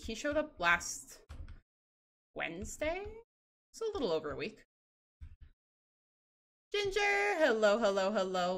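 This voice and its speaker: A woman's voice: mid-range voice, sharp tone. A woman streaming a game, chatting casually and bubbly with her chat, laughing often.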